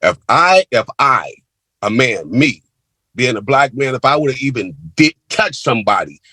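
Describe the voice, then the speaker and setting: A man's voice: medium pitch, sing-song, moderate pace, pushed and bright, husky, dry recording, poor audio. A crime victim, a man, giving a heated, emphatic victim impact statement to a court over a video call.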